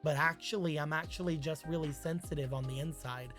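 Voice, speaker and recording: A streamer voicing a cold, secretive rich man who is drunk and talks in a quiet, flat mumble. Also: medium pitch, a little fast, soft background music, close to an everyday voice. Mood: glum, muted.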